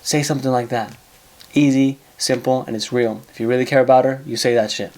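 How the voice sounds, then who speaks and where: A man's voice: medium pitch, steady tone, brisk, a little mellow. A man with a mid-range voice hosts a casual advice monologue on his own. He talks bluntly, swears freely and says things twice to drive a point home. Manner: blunt, profane, repeats himself for emphasis. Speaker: advice show host.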